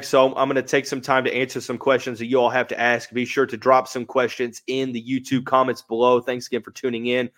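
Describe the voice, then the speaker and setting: A man's voice: medium pitch, little pitch movement, brisk, few pauses, fairly bright tone. A man hosting a live sports podcast, giving analysis in a conversational way and thinking aloud with hedges. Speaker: podcast host.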